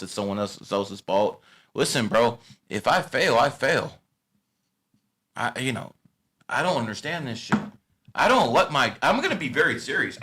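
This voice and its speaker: A man in his thirties talks in a bright, edgy voice, blunt and profane. He swings between loud rants and quieter asides in loose casual chat. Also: medium pitch. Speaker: podcast host.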